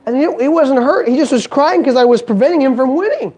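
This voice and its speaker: Warm-voiced, animated motivational speaker man. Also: very high-pitched, quick pace. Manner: animated, joking, asks the crowd questions. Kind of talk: live motivational talk to an audience. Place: conference hall stage.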